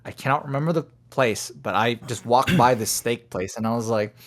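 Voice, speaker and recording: A man co-hosting a casual podcast, telling a story that moves from low mumbling to loud, animated outbursts. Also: normal speed. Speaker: podcast co-host. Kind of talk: casual chat.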